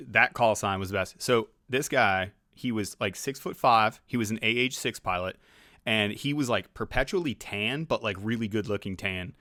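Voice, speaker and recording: Lively man telling stories, dry sound. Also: on the low side, no room sound. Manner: animated, acts out quotes in other voices, laughs often. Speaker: podcast co-host. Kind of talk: casual storytelling chat.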